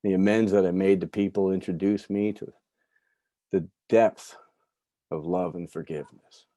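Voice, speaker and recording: A middle-aged man from New York giving a candid personal recovery talk, telling stories with soft asides. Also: deep voice, fairly even intonation, normal speed, no room sound. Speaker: recovery speaker.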